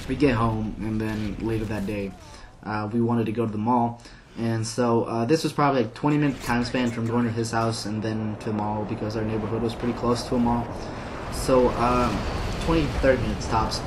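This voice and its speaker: Against a noisy background, a man with a lowish voice commentates a game while spinning a meandering story. He leans on "like" constantly and occasionally laughs at what he's telling.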